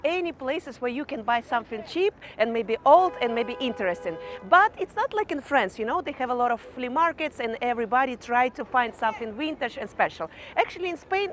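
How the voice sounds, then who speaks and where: Young Ukrainian-accented woman, vlogger, high bright pitch, chatty and loose with fillers. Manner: chatty, fillers like "kind of" and "you know". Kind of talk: casual talk to camera.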